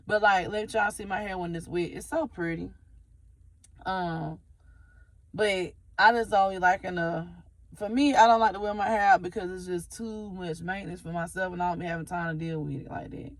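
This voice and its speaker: A woman's voice: on the low side, fairly even intonation, normal speed, dry recording. Candid woman vlogging, dry close sound. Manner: candid, conversational, swears casually. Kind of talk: casual talk to camera.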